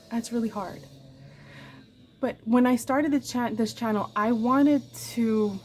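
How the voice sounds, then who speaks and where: A woman's voice: mid-range voice, darkish tone, slight background noise. Earnest woman vlogger pouring her heart out. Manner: earnest and emotional, addressing viewers as "my darlings"; repeats phrases for emphasis. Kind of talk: heartfelt confessional vlog talk.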